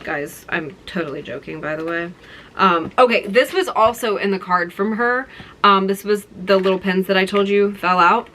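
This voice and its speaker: A young woman vlogging in a casual, excited way, gushing and rambling as she shows gifts to her viewers. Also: medium pitch, moderate pace, poor audio. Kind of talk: casual chat to camera.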